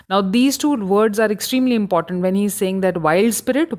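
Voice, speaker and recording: A woman with an Indian English accent giving a recorded lecture on a poem, explaining slowly with many hesitations. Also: medium pitch, a little mellow. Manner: halting, explanatory, many fillers.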